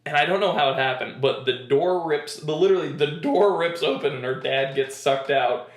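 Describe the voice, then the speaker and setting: A man's voice: on the high side, normal speed, roomy sound. A man hosting a casual podcast, telling rambling, joking stories. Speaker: podcast host. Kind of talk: casual chat.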